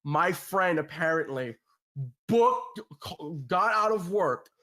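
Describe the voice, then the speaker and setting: A young man telling an animated, profane prank story on a podcast, laughing as he goes. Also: sits high, takes it slowly. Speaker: podcast co-host. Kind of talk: casual storytelling.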